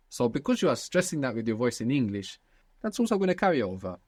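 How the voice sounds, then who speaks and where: A man's voice: mid-range voice, very animated, fast, darkish tone, dry recording, studio quality. A man teaching a language lesson, patiently prompting his student with questions.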